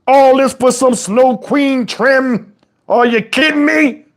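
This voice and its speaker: Cranky old dad yelling and preaching, a guy doing the voice, kinda high for a man. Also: takes it slowly. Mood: indignant. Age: older. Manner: exasperated scolding, preachy, swears, shouts at times. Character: scolding elderly father, preachy and outraged. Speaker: comedian. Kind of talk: comedic rant in character.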